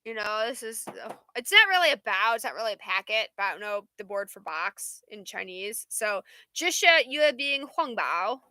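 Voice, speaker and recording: A woman's voice: mid-range voice, brisk, few pauses, bright, forceful tone, clean tone, dry recording. A woman hosting a livestream, chatting in a rambling way and answering viewer comments. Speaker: livestream host. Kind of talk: casual live chat.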